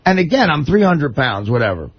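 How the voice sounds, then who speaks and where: Husky man rambling a story on radio. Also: fairly high pitch, fairly quick, dry recording. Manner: rambling, animated, swearing, acts out quotes. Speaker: guest comedian telling a story. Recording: lo-fi radio broadcast.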